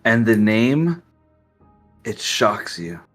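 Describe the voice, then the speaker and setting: Bright-voiced man running a tabletop game. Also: fairly low pitch, sing-song, very slow, faint music behind. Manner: casual, filler-heavy narration. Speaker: game master.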